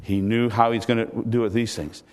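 A male pastor preaching an expository sermon to a congregation, with expressive, emphatic delivery that builds to loud peaks. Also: on the low side, normal speed. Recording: reverberant hall sound.

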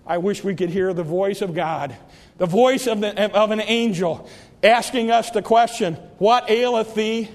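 High-voiced preacher in a reverberant hall. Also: male voice. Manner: rises to impassioned shouts, drops to hushed pleas. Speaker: pastor. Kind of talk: sermon. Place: church sanctuary. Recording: long reverb of a church hall.

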